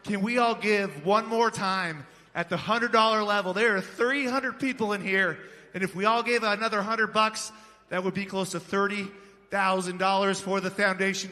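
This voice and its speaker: A man working as a charity auctioneer at a gala, rapidly calling bidder numbers and urging the room to applaud. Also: sits high, steady tone, pushed and bright. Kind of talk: live fundraising paddle-raise auction calling. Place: large hotel ballroom at a gala dinner. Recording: long ballroom reverb, faint crowd ambience.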